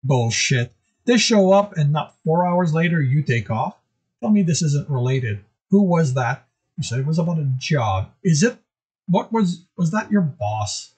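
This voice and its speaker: A man voicing a middle-aged male portmaster who pleads and argues in frustration, with a husky voice. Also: on the high side, very animated, unhurried, a little mellow, full character voice. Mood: pressing.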